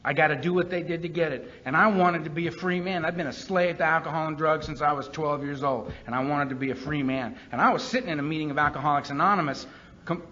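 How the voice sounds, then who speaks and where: Bright-voiced man giving an earnest testimony. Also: on the high side, fairly even intonation, quick pace. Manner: earnest, emphatic storytelling with repeated lines. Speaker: speaker at a recovery meeting. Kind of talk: personal testimony talk. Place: meeting hall with a live audience. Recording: dull lo-fi meeting recording with faint background hiss.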